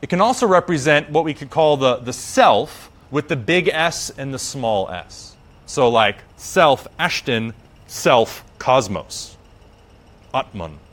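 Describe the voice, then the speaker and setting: Male yoga teacher, casual storyteller, slangy, lively pitch swings, acts out voices. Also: slow pace. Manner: slangy, animated, acts out characters.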